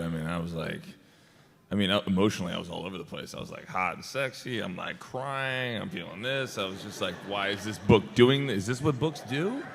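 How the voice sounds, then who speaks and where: Gravelly deep-voiced American man, echoey hall. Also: a little hiss or hum. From United States. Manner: animated, laughing, acts out quotes. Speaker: actor on a convention panel. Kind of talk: casual storytelling. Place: large convention hall.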